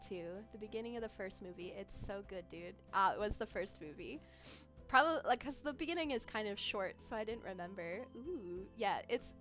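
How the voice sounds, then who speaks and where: A woman's voice: mid-range voice, a bit bright. A woman streaming as a vtuber, chatting casually, giggling often and losing her train of thought as she reacts to chat. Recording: faint background music.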